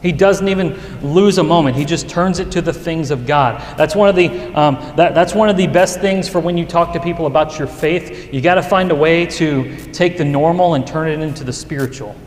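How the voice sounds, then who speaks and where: A man's voice: a little high, fairly quick, few pauses. Man preaching in an echoey hall. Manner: earnest and conversational, with frequent restarts. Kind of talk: sermon. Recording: echoey hall with long reverb.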